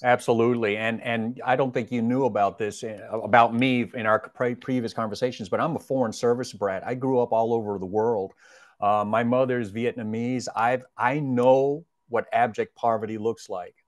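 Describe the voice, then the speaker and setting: Middle-aged male guest, reflective storyteller, mid-pitched voice, dry close recording. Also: steady tone, moderate pace, no room sound. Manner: earnest, reflective, gently persuasive. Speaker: podcast guest, retired police officer. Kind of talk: casual storytelling conversation.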